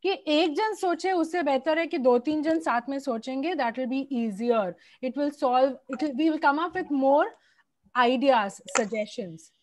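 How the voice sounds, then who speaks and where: A woman's voice: high voice, rapid-fire, a little mellow, no echo. A young woman with an Indian accent teaching an English class to children, firm and directive, slipping into Hindi now and then.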